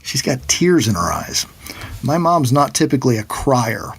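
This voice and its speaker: A middle-aged man, a financial planner, telling a personal story in a conversational, animated way. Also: medium pitch, moderate pace, husky. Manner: animated storyteller who acts out quoted voices.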